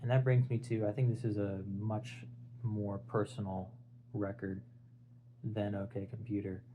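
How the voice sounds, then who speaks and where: A man's voice: fairly low pitch, little pitch movement, a little slow, phone-quality sound, noisy background. A young man talking casually about an album, rambling and searching for words as he goes. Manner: rambling, filler-heavy, restarts and searches for words. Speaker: music video essayist. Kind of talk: casual unscripted album talk.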